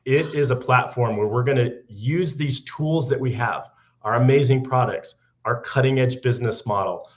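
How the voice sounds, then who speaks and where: Earnest man giving a rousing pitch, dull audio. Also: moderate pace. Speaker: company leader on a business call. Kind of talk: motivational business speech. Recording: dull archived call audio.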